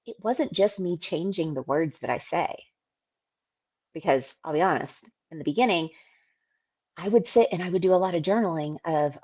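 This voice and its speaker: A woman with a slightly low voice talks through her solo podcast in a relaxed, candid way. She speaks loosely, drops the odd swear word and laughs easily, like she is chatting with a friend about business. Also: a little fast, muffled recording. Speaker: podcast host, business owner. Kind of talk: casual solo podcast talk.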